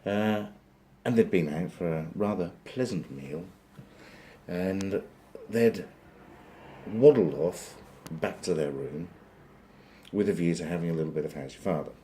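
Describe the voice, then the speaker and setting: Deep-voiced rambling joke teller. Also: male voice, measured pace, warm tone, a little hiss or hum. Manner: rambling, digressive, dry asides. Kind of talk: rambling comic storytelling.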